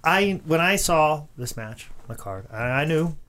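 A man's voice: on the high side, animated, a little slow, pushed and bright. A man co-hosting a podcast in casual chat, joking and rambling, laughing often. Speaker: podcast co-host.

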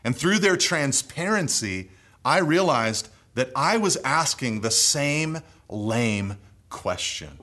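A man with an ordinary-pitched voice preaches earnestly in a slow, sing-song manner. He pushes key words up and louder, lets each sentence settle soft and low, and moves steadily from reading toward explanation.

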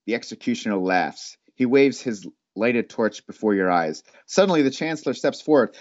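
A man's voice: fairly low pitch, expressive, moderate pace, few pauses, no echo. Laid-back man narrating a gamebook. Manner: laid-back, says "dude". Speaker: host reading a gamebook. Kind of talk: casual narration of a choose-your-own-adventure book. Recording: dull lo-fi dry sound.

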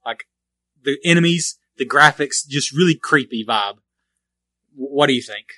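A man's voice: medium pitch, moderate pace, bright, forceful tone, dry recording. A man co-hosting a casual podcast about retro video games, rambling and correcting himself as he goes, often laughing. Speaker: podcast co-host.

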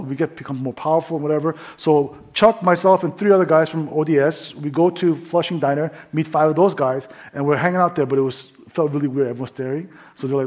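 Husky man telling a sermon story. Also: fairly high pitch. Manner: storytelling, drops to quiet asides. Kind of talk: sermon testimony.

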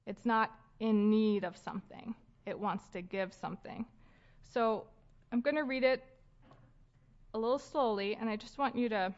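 A woman in her thirties giving a casual sermon at a church gathering, talking conversationally with fillers and light laughs. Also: a little high. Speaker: speaker leading a church gathering. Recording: dull lo-fi sound.

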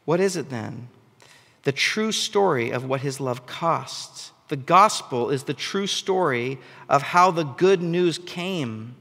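A man preaching with a fairly high voice that climbs into emphatic, animated bursts. His sermon rings out with a long reverb trailing behind every phrase, as in a large hall. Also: takes it slowly. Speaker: pastor.

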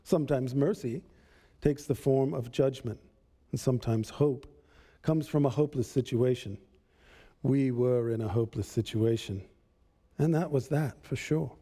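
A man telling a story in the first person, with a measured, deliberate delivery and pauses. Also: mid-range voice, mellow.

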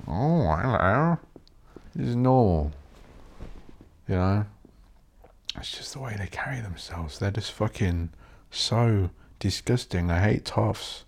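Low-voiced man ranting casually. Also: vocal fry, warm tone. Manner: swears a lot, rants and mocks posh voices. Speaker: podcast host. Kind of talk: rambling solo podcast monologue.

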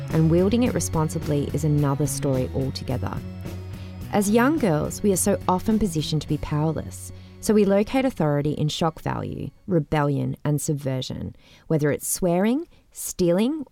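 A woman reading a measured, wry scripted introduction to a podcast episode. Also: deep voice, expressive, dark tone. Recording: narration over clear music.

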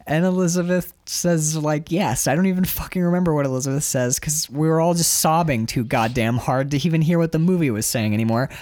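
A man with a medium-pitched voice co-hosts a podcast, reviewing a film in casual chat. He's animated and emotional, swearing freely and restarting his sentences often. The recording has no room sound.

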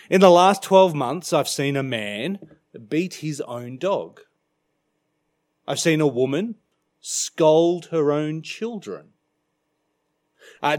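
A middle-aged Australian man preaching a sermon as minister, emphatic, dropping to quiet for weight. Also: a little high. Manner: emphatic, dramatic shifts in loudness.

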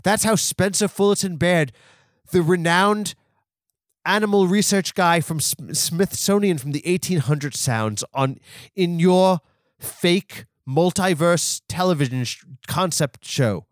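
A man's voice: high voice, measured pace, dry recording, clean studio sound, voice pushed up. A man voicing a fussy, indignant nineteenth-century male naturalist with a put-on British accent.

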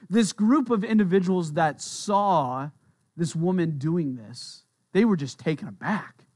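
A man's voice: on the high side, expressive, slow, a little mellow, dry recording, clean studio sound. A man preaching a sermon as a pastor, conversational, with playful asides and repeated words as he thinks aloud.

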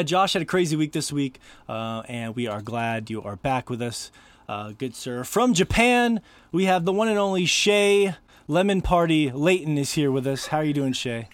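A joking man hosts a laid-back podcast, his voice pitched a bit above the usual for a man. The sound is dry and close, with almost no room around it. He laughs easily between lines. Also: no echo. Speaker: podcast host. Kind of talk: casual podcast chat.

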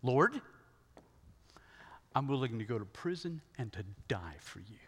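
An impulsive adult male disciple blurts out his protest loudly and insistently, as a preacher acts him out. The voice pushes up in pitch and force. A long hall reverb hangs behind it. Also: big pitch swings, unhurried, slightly rough, exaggerated voice. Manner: loud, emphatic protest.

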